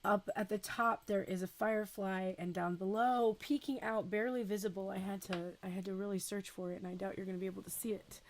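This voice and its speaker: A woman giving a relaxed, chatty tarot reading, unhurried and full of small asides. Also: medium pitch. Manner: chatty and unhurried, with fillers and self-talk. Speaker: tarot reader. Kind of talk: casual spoken tarot reading.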